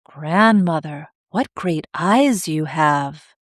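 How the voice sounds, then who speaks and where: An innocent, trusting little girl from a storybook, voiced by a woman narrator, who speaks openly and without guile. Her lines come slowly, in a slightly low voice. The sound is dry and close. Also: no room sound, exaggerated voice. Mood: wondering. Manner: innocent and open.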